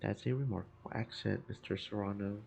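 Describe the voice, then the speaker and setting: A man voicing a calm, courteous minotaur investigator in a measured tone. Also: on the low side, creaky, soft background music.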